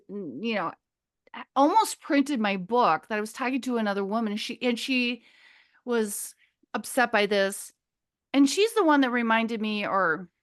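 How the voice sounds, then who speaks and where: A woman in her fifties from Minnesota, a podcast guest telling a long personal story in a casual, chatty way, going off on tangents, swearing freely and laughing often. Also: fairly high pitch. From Minnesota, USA.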